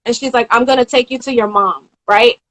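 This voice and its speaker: A young woman in her twenties, pitched fairly high, shares a story as an interview guest during an informal live-stream conversation over a phone or video call. Animated throughout, she readily acts out the people in her tale, captured on a low-quality recording.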